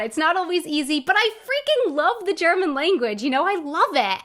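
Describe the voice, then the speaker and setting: A woman's voice: sits high, big pitch swings, normal speed, hardly any pauses, fairly bright tone. A young woman vlogger talking to camera in an earnest, encouraging way. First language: English. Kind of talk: casual talk to camera.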